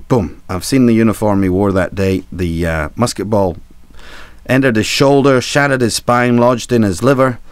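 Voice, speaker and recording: A low-pitched man spins a long, meandering yarn for his guests, peppered with ums and cheeky asides. The recording is dry and close, with no room echo. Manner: rambling, irreverent, chuckling, many fillers. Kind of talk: anecdotal storytelling.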